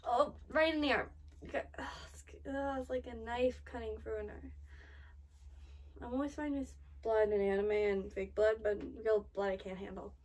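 Excitable young-sounding woman reacting to anime. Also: on the high side, moderate pace, far from the mic. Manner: excitable, gasps and frets aloud, swears often. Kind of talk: live anime reaction commentary.

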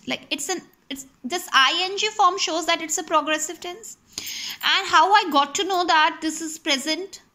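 A woman with an Indian English accent teaches grammar in a high, bright voice. She talks slowly and patiently, walking through each example one step at a time. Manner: slow, explaining step by step with examples. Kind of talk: grammar lesson.

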